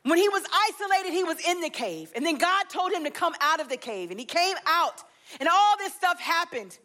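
A woman preacher delivering an earnest, expressive sermon and retelling scripture with feeling. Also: extremely high pitch, normal speed.

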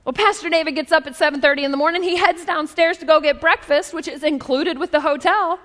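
A woman in her forties preaching a sermon, telling a story in a conversational, lively way with asides. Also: sits high, fast talker. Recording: long reverb of a large hall.

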